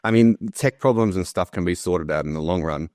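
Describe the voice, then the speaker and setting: A man with a very low voice argues his case in a casual online group discussion. He presses the others with pointed questions. The sound is dry and close. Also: brisk, darkish tone, no echo. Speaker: discussion participant.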